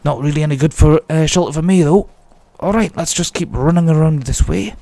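A man's voice: fairly high pitch, a little fast, creaky, mellow, no room sound. A man giving chatty, jokey commentary as he plays a game and talks to himself. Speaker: let's play host. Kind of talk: casual gameplay commentary.

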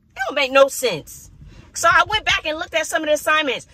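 A woman's voice: high voice, very animated, brisk, bright, forceful tone. A woman teacher talking casually to the camera in a classroom, ranting expressively with frequent sighs and laughs. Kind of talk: casual vlog talk to camera.

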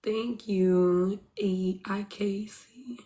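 A woman's voice: medium pitch, fairly even intonation, very slow, mellow. A woman streaming live, eagerly urging her viewers on and thanking them by name in casual chatter. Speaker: livestreamer.

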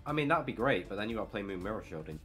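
A man playing a card game and commentating on it, explaining plays in a quick, matter-of-fact way. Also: on the low side, lively intonation, a bit bright. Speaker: player commentating his own card game match. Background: faint background music.

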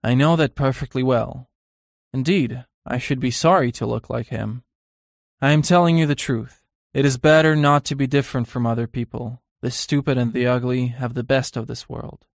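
An earnest young painter, as a man reads him in a storybook reading. He speaks sincerely and with some unease, at an ordinary pitch. The recording is close and dry. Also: fairly even intonation, normal speed, vocal fry, dry recording, close to an everyday voice.

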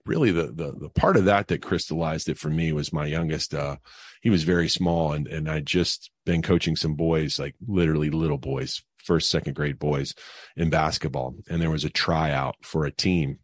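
A man's voice: extremely low pitch, fairly even intonation, normal speed, dry recording. A middle-aged man and financial advisor, talking casually as a podcast guest and telling stories with lots of fillers. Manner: rambling, filler-heavy, enthusiastic storyteller. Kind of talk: casual interview talk.

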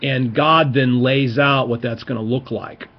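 Husky-voiced man teaching scripture. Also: mid-range voice, fairly even intonation, measured pace, lo-fi sound. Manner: enthusiastic, stresses key words. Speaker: Bible teacher. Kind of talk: informal Bible teaching lecture.

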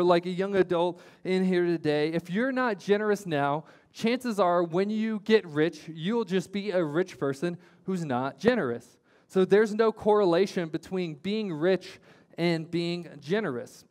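A man's voice: high-pitched, a little mellow. A male pastor preaching a sermon, repeating key phrases for emphasis with frequent restarts.

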